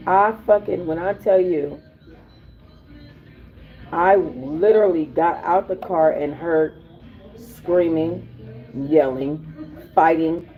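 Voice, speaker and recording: A woman host telling a personal story in casual, animated, profane slang. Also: lowish voice, takes it slowly, long pauses, soft background music. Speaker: podcast host. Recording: tinny phone-like audio.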